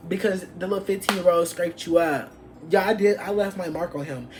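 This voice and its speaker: A young adult woman vlogger telling an animated, profane story from her past and acting out what people said. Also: fairly low pitch, brisk, noisy background. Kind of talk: storytime vlog.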